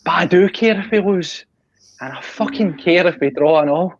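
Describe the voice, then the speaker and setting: A man's voice: high-pitched, normal speed, dry recording, dull audio. A Scottish man on a podcast talking passionately, swearing and laughing in casual chat. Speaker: podcast co-host.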